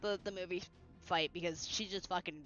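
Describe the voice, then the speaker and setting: Excitable woman streamer, bright and loud. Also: on the low side, normal speed, dull audio, soft background music. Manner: excitable, exclaiming, swears freely. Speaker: streamer playing a game. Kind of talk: casual gameplay commentary.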